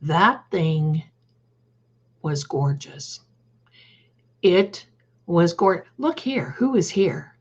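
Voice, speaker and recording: A husky older woman hosts a live stream, talking slowly and telling a personal story in a chatty, animated way. Her audio comes through a bit muffled and lo-fi. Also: lowish voice. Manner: chatty, animated, greets viewers by name. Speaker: livestream host. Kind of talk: casual storytelling to live chat.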